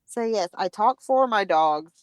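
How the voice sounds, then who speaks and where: A young adult woman co-hosting a casual podcast, telling stories in a chatty, animated way. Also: mid-range voice, unhurried, dry recording. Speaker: podcast co-host. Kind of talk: casual chat.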